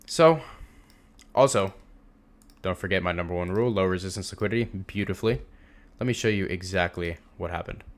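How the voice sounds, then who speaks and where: A man's voice: deep voice, brisk, pauses often. A young man teaching a trading lesson over a screen share, casual and emphatic, repeating words for stress. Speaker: trading instructor.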